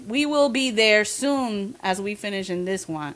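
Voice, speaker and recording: A woman's voice: mid-range voice, expressive, measured pace, a bit bright. Chatty laughing woman streamer. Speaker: livestreamer. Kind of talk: casual livestream chat with viewers.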